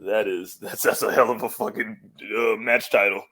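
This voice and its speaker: A man co-hosting a podcast in casual chat. He speaks in a low-key way and laughs a lot. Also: steady tone, normal speed, sharp tone. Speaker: podcast co-host. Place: podcast studio.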